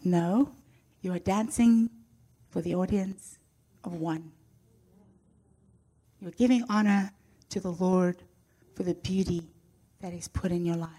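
A woman's voice: mid-range voice, fairly even intonation, moderate pace, long pauses, mellow. An older woman sharing a personal faith testimony with a church audience, heartfelt and earnest with light touches of humor.

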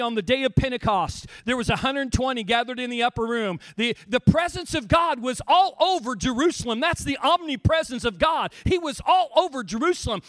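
A middle-aged man preaching a sermon with passion, dropping soft and then building to shouts. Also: very high-pitched, no room sound. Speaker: pastor.

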